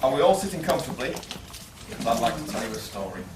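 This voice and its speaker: A man's voice: medium pitch, very animated, a little fast. Playful man telling a comic fairy tale. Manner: playful, theatrical, building to punchlines. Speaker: workshop participant presenting results. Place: large meeting room with a live audience. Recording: roomy, distant mic with loud noise.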